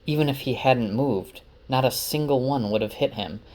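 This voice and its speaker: A man's voice: mid-range voice, normal speed, darkish tone. A man casually retelling a book's chapters for his wife, chatty and loose with many fillers. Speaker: book summarizer. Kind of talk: casual story recap.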